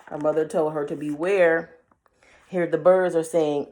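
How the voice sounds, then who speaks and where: A woman's voice: low-pitched, fairly even intonation, measured pace, mellow. A woman reading a picture book aloud and chatting playfully to the listener about the pictures. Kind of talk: read-aloud with chatty commentary.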